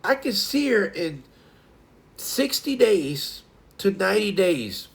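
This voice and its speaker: A man's voice: sits high, big pitch swings, slow, vocal fry. A man hosting a casual morning livestream, chatting to viewers in a rambling way and often restarting his sentences. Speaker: livestream host.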